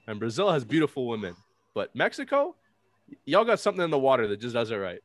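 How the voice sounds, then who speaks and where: A man's voice: mid-range voice, big pitch swings, fast, no echo. A young man co-hosting a podcast, arguing in a casual comedic debate, boastful and swearing freely. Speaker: podcast co-host.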